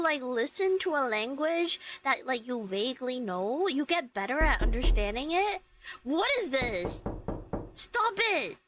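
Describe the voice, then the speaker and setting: A woman's voice: high voice, sharp tone, no echo, rough recording. A woman in her twenties from Hong Kong, chatting casually on a gaming stream through a headset and rambling through stories with lots of fillers and giggles. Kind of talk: casual chat while gaming.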